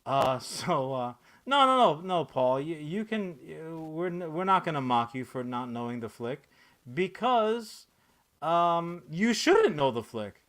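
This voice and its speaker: A man in his thirties holds forth on a casual podcast, sarcastic and rambling, swearing freely and tripping over fillers and restarts. His voice sits a little higher than most men's. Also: very animated, unhurried, fairly bright tone. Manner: profane, rambling, sarcastic rant with many fillers. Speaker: podcast host. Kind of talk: casual comic-book podcast chat.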